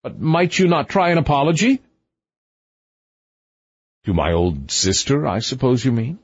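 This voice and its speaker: A man's voice: medium pitch, big pitch swings, unhurried, breathy edge, muffled recording, heavily acted. Man doing a pompous fussy king. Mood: weary.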